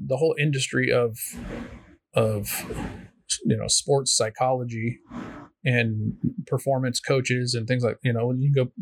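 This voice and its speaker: A man at an ordinary mid pitch telling a motivational story, stopping and restarting often and filling the gaps. His voice sounds close and dry, with no room sound around it. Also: no echo. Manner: halting, many fillers and restarts.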